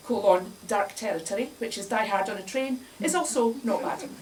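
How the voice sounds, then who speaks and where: A woman's voice: medium pitch, expressive, normal speed. Woman, comic live talk, wry, chatty, laughs a lot, distant mic, faint noise. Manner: wry, chatty, laughs often at her own jokes. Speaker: speaker at a live bar talk. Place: bar, indoors, in front of an audience.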